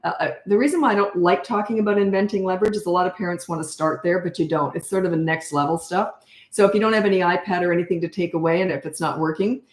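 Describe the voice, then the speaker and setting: Older woman, parenting coach, blunt, animated, low voice, echoey room. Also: fast. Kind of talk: live Q&A coaching talk.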